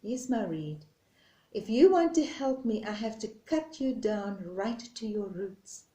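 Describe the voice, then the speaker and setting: A woman speaking as a gentle, patient God in a parable, her voice soft and slow, recorded in an echoey room. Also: medium pitch, animated. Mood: tender.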